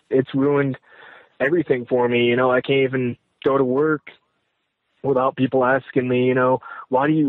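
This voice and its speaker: A man calling in, halting and stammering, close to tears as he talks about his troubles. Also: mid-range voice, no room sound. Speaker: caller. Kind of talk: emotional phone call. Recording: tinny phone line.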